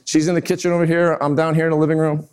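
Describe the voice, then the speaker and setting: A man in his fifties giving a storytelling talk to business leaders, animated and self-mocking as he acts out scenes. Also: fairly high pitch, rapid-fire, clear, resonant tone. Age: 50s. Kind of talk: keynote-style storytelling talk.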